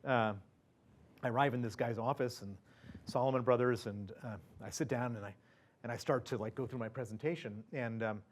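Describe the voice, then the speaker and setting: Talking fairly quickly in a mid-range voice, a man appearing as an event guest tells the audience a personal anecdote. His delivery is conversational, packed with fillers, false starts and little laughs. Some slight background noise can be heard.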